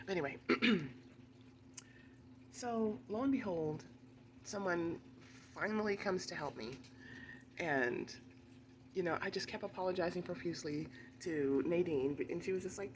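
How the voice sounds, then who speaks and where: A woman vlogger telling a long, rambling story in a casual, chatty way, with quick asides and laughter. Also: lowish voice, background noise.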